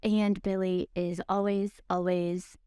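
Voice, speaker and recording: A playful woman chatting on a podcast in a smooth, clear voice, teasing her co-host and gushing about the show. It is recorded dry and close, with no room sound. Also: mid-range voice, no room sound. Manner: playful, chatty, quick to tease. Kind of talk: casual rewatch podcast chat.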